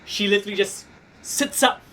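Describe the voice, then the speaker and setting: Bright high-voiced game master. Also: male voice, brisk, a little hiss or hum. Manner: animated, laughing, casual swearing. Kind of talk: narrating a tabletop wrestling game.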